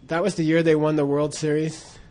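A man with a fairly high, flat-sounding, slightly mellow voice tells a casual story at a fairly quick clip. He rambles, filling it with fillers and restarts, and laughs often.

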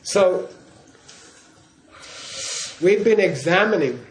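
A man's voice: sits high, lively intonation, very slow. A man giving a Buddhist teaching in class, in a playful way, often checking in with his listeners. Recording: roomy hall echo.

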